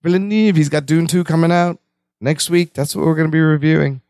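Podcast host, man, gravelly, dry close sound, easygoing and chatty. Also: fairly high pitch, little pitch movement, brisk, darkish tone, no room sound. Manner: laughs often, reads listener news. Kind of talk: casual podcast chat.

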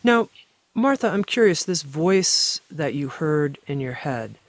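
A woman hosting an interview, asking curious, gently probing questions. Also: low-pitched, very animated, a little slow, no room sound. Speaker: interview host.

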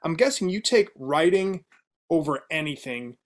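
Upbeat guy hosting a podcast, a bit high voiced, super casual. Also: expressive, normal speed. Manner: enthusiastic, casual, says "man" and "like" often. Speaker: podcast host. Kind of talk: conversational interview.

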